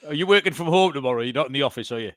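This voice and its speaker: Bright-toned, jokey podcast host. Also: male voice, medium pitch, lively intonation, very fast, no echo, clean studio sound. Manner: swears, laughs often, jokey. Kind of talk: casual chat.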